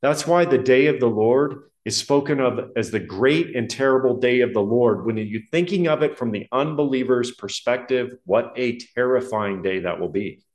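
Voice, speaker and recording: Earnest preacher in an echoey hall. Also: male voice, medium pitch. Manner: earnest, slows and stresses key words, drops to a hushed tone to reflect. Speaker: pastor. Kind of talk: expository sermon reading and explaining Psalms. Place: church hall with a projection screen. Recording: roomy, echoey hall sound.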